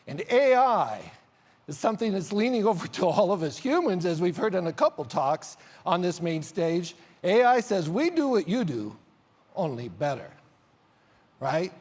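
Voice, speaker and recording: A man emceeing a large conference on stage, telling an animated story with big swings in loudness. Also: high voice, normal speed. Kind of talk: onstage conference speech. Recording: reverberant hall sound.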